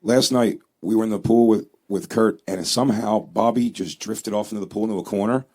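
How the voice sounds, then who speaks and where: A man co-hosting a podcast, telling animated anecdotes in casual banter. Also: on the low side, fairly quick. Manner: animated anecdotes with put-on quoted voices. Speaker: podcast co-host.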